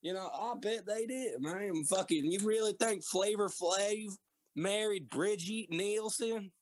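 A young man co-hosting a podcast, rambling through crude casual banter. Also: high-pitched. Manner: rambling, drawn-out "man" and "dude". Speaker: podcast co-host.

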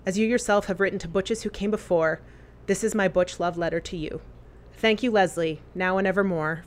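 A woman earnestly reading a memorial letter aloud, with deliberate phrasing. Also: on the low side.

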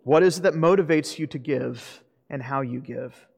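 A man's voice: fairly high pitch, moderate pace, creaky. A pastor preaching a sermon earnestly, asking his listeners rhetorical questions. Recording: long reverb of a hall.

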